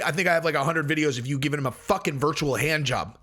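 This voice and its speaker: A man's voice: a little high, fast talker, few pauses, fairly bright tone. A man hosting his own vlog, ranting in a blunt, profane, casual way. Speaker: vlog host.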